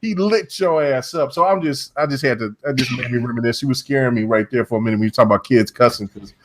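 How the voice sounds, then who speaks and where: A man's voice: mid-range voice, quick pace, a little hiss or hum. A man hosting a casual podcast, telling stories with lots of swearing and stretched-out words. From Southwest United States. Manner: animated storytelling, heavy swearing, drawls for effect. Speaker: podcast host.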